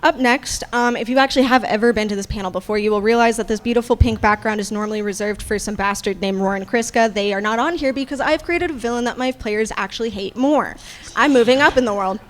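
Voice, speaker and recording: A woman game master speaking on a convention panel in an animated, casual way, swearing freely. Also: fairly high pitch, fast.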